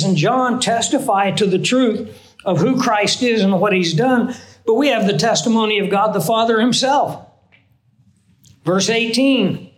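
A man's voice: high voice, echoey room, poor audio. A man teaching a Bible lesson in an earnest, conversational sermon style, often asking his listeners questions.

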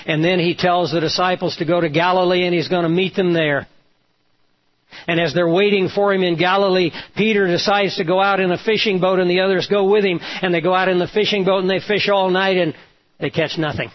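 A man's voice: high-pitched, steady tone, fairly quick. A male pastor preaching a sermon, retelling a story and voicing the quoted lines with emphasis. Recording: dull lo-fi sound.

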